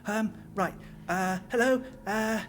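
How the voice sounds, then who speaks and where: A man's voice: high voice, takes it slowly, fairly bright tone, pitched above the performer's own voice. A man voicing a nervous but composed cleric whose voice is shaky. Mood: urgent, steadying.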